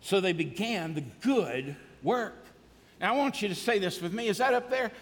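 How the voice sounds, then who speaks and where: Fiery preacher, high voice. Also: male voice, moderate pace, long reverb tail. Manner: energetic, shouting and singing to the congregation. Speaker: pastor. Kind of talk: sermon. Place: large church hall.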